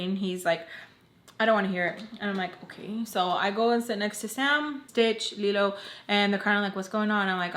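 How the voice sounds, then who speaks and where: A young woman telling a personal story to her viewers in a loose, chatty way, full of "like" and quick quoted lines from others. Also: mid-range voice, fairly bright tone. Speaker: storytime vlogger. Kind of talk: casual storytelling. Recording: echoey room.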